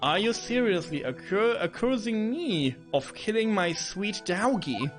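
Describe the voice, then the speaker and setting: A man's voice: high voice, sing-song, a little slow, soft background music, pitched above the performer's own voice. A man voicing a sweet, fragile young woman witness in a game, coy and delicate.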